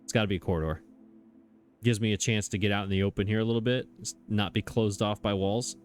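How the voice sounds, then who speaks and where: Over soft background music, a man with a lowish, steady voice narrates his let's play at a quick pace. Speaking casually into a desk mic, he thinks out loud, hesitates, and laughs at himself.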